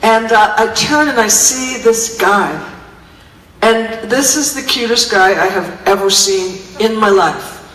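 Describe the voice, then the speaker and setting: A woman's voice: mid-range voice, a little slow, a bit bright. A woman on stage telling candid, rambling, self-mocking stories between songs, heard in a comic stage monologue. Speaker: singer performing on stage. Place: large concert venue, indoors. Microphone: recorded from the audience, far from the stage. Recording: distant, echoey arena recording with crowd noise.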